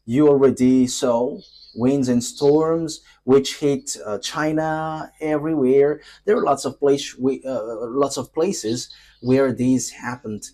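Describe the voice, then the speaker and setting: Emphatic preacher man, dark-toned. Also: medium pitch, takes it slowly. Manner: emphatic, rising to raised proclamations between calmer asides; hesitant, many fillers and restarts. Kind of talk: sermon.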